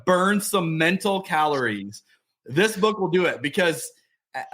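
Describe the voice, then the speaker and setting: A man's voice: fairly high pitch, fairly bright tone. A middle-aged man hosting a podcast, talking casually with many restarts and fillers. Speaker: podcast host. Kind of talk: casual interview chat.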